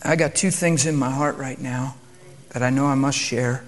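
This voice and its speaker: A male preacher, subdued, calm and quiet, moving between prayer and a reverent sermon. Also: mid-range voice, normal speed.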